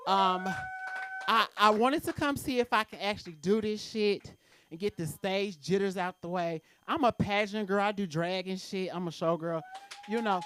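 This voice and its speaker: A woman's voice: mid-range voice, normal speed, fairly bright tone, a little hiss or hum. A woman doing a brash, profane stand-up set at an open mic in a comedy club.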